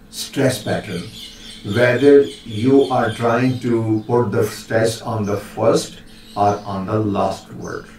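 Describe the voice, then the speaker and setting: A man's voice: mid-range voice, far from the mic. A man giving a linguistics lecture, hesitant and full of fillers, stopping to demonstrate how words are pronounced. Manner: slow, hesitant delivery with many fillers, demonstrating pronunciations. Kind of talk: recorded lecture. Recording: very echoey room, voice a bit off-mic, faint hiss.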